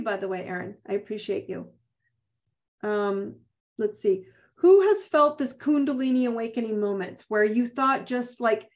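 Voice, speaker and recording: A woman hosting a live online self-help session, talking bluntly and emphatically and repeating her key phrases. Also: a little high. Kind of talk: live motivational coaching talk. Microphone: video call.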